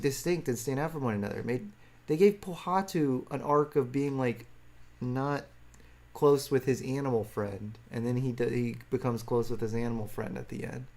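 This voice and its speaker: A man's voice: medium pitch, moderate pace, a little mellow. A man streaming live, answering viewer chat in a rambling, self-deprecating way and chuckling often.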